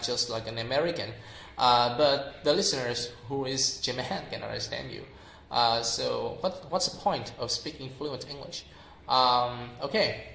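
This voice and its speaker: A young man with a Vietnamese accent giving an informal English lesson, filling pauses with "uh" and saying example words aloud again and again. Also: medium pitch, sharp tone, reverberant, slight background noise. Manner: explains slowly with many fillers and repeats example words aloud. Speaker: English teacher.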